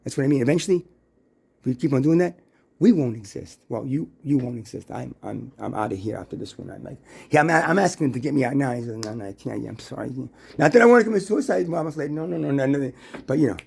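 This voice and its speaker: Gravelly, husky male voice with a dark tone, rambling and preachy, full of restarts and rhetorical questions. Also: medium pitch, animated. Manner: halting, restarts and stammers.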